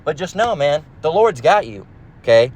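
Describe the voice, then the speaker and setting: A man's voice: a little high, big pitch swings, moderate pace, darkish tone. A man preaching in a casual, emphatic, profane manner, reading scripture and rambling with restarts, recorded in a car. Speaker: religious teacher.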